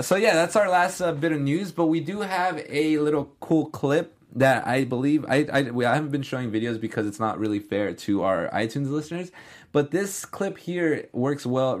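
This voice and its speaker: Young man, casual podcast host, enthusiastic rambling delivery, even middle pitch. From Southern California. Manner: chatty, filler-heavy, enthusiastic. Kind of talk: casual film news chat.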